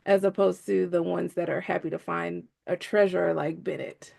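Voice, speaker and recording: A woman co-hosting a casual book club chat, expressive and playful with quick quips. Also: on the low side, creaky.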